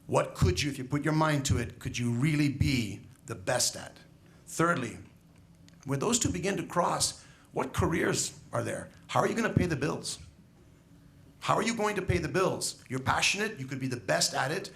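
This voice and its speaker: A man's voice: fairly high pitch, lively intonation, normal speed, vocal fry, a bit bright. A man who is a school educator, giving a graduation speech in an emphatic storytelling manner, asking the graduates rhetorical questions.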